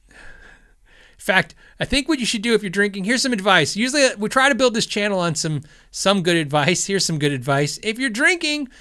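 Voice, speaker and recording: A man's voice: sits high, pushed and bright, smooth. A middle-aged man hosting a podcast, rambling through listener questions in a self-deprecating way and laughing often. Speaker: podcast host. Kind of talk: casual chat.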